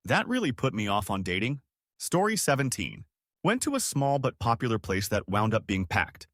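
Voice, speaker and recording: A man reading a string of online stories as scripted narration, in a lively storytelling manner. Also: medium pitch, normal speed, no room sound, studio quality.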